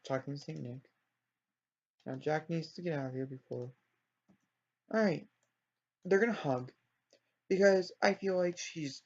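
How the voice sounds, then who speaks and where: A man's voice: on the high side, gravelly, husky. Rambling man narrating a life-sim game. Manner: rambling, self-correcting, apologetic. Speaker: let's play storyteller. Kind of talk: casual game commentary. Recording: dull lo-fi recording.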